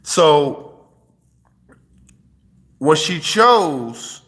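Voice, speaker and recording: Man, vlog host lecturing the fellas; bright, tense tone with a long reverb tail, phone mic. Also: on the high side, very animated, drawn-out words. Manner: streetwise, profane, preachy. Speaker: host giving dating advice. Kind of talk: casual vlog monologue. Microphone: phone held while filming.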